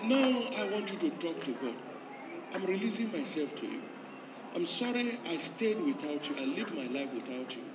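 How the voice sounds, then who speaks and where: A man's voice: on the high side, big pitch swings, normal speed. A man, a pastor at a church convention, leading an altar call and a prayer, repeating his urgent calls to come forward. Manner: repetitive, urging, rising to loud pleading calls. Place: large church hall at a convention. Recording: echoey hall, distant mic, crowd noise.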